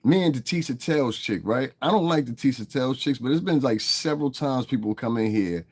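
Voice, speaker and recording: A man with a medium-pitched, somewhat dark voice talks briskly and expressively. He's hosting a livestream and launching a heated, profane tirade straight at his chat, openly confronting viewers.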